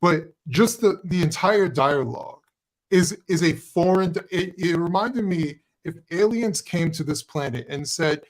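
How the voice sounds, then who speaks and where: A man speaking as a guest on a live panel discussion, animated and sarcastic, mimicking others' voices. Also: a little high, unhurried.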